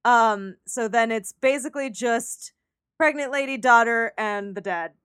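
Woman recapping a movie, kinda high voice, really animated, dry close sound. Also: unhurried, clean tone, dry recording. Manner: animated, swearing, acts out quotes. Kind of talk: casual chat about a movie.

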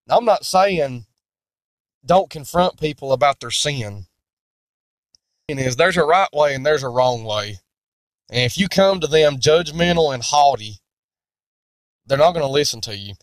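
A male preacher teaching scripture at a very slow, deliberate pace, his voice pitched fairly high for a man. He speaks earnestly and with emphasis, and the dry recording has no room sound. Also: animated, dry recording. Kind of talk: sermon-style Bible teaching.

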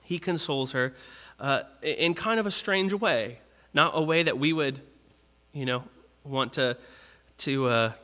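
A man's voice: medium pitch, a little slow, pauses often, sharp tone, in a large hall. A man preaching a sermon in an earnest, conversational way, often restarting phrases.

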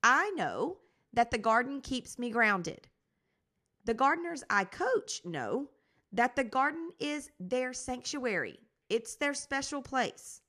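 A woman's voice: high voice, sharp tone. A woman hosting her own gardening podcast, talking in an upbeat, encouraging, conversational way. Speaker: podcast host and garden coach. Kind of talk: casual podcast talk.

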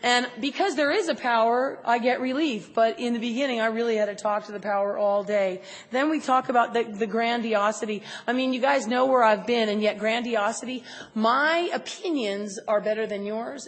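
Animated woman in an echoey hall. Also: fairly high pitch, moderate pace. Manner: animated, acts out her own inner voice. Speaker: recovery meeting speaker. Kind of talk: personal testimony talk. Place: large convention hall. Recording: echoey convention hall recording.

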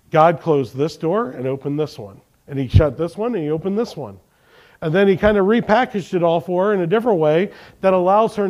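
Reading scripture and posing questions to his congregation, a pastor preaches in a high voice. His delivery shifts from emphatic passages to quiet ones.

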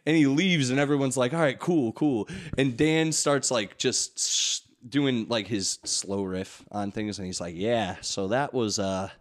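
A man hosting a comedy podcast, telling stories in casual chat and acting out the people in them with loud, shouty voices. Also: medium pitch, a little slow, hardly any pauses. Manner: animated, acts out quotes in loud shouty voices.

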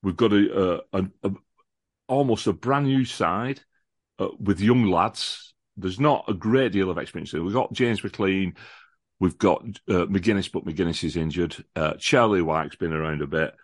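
Deep-voiced chatty man. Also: moderate pace, dry recording, studio quality. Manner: chatty and enthusiastic, with many restarts and repeated words. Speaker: podcast guest, lifelong fan of the visiting football club. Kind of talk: casual chat, football preview.

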